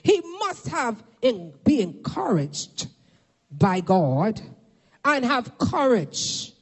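A woman preaching a fervent sermon to a congregation, shouting at peaks and calling for responses, filmed for a camera. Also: a little high, very animated, drawn-out words, husky. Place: church or meeting hall. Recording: long hall reverb.

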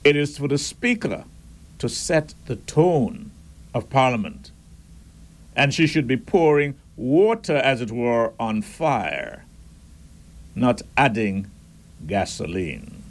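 A man hosting a radio talk show, reading listener messages and giving firm, measured opinions. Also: medium pitch, lively intonation. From Caribbean.

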